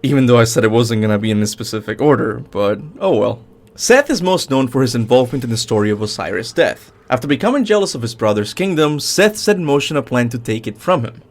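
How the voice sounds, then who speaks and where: Man with a lively, swooping delivery. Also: fast talker. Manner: lively, swooping pitch with upbeat emphasis. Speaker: gaming channel host. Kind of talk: scripted top-ten video commentary.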